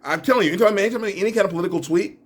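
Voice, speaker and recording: A young adult man giving reaction commentary in a video, ranting and laughing, his voice rising to near shouts and sinking to mumbles. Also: sits high, racing, breathy edge. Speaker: YouTuber.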